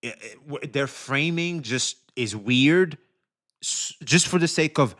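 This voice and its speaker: A man live-streaming, who swears a lot and keeps thanking donors in a casual, animated way. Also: mid-range voice, takes it slowly. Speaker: livestreamer.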